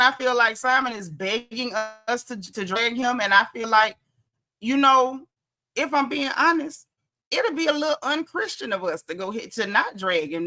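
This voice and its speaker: A woman's voice: fairly high pitch, pushed and bright. A woman hosting a casual gossip commentary show, chatty and sassy, laughing and reading blog posts aloud with her own asides. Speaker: host.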